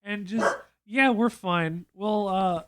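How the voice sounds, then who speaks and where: A man's voice: high voice, slow, background noise. A man streaming live, chatting casually as he reacts to a video and breaks off to coo at his dog. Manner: excitable, gushing baby-talk to his dog.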